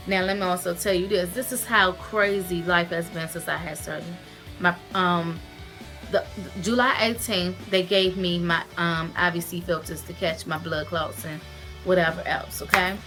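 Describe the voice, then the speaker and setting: Soft music plays behind this woman, whose fairly low voice moves at a moderate pace. She is a vlogger chatting casually to camera about her weight-loss surgery, earnestly and expressively reliving her recovery with feeling and giving heartfelt, direct advice.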